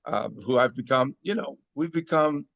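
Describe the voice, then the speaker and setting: A man's voice: medium pitch, normal speed, gravelly, a bit bright, highs cut off. A man hosting a sports podcast in a playful, teasing way, often mock-outraged. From Las Vegas. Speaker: podcast host. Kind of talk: casual sports podcast chat.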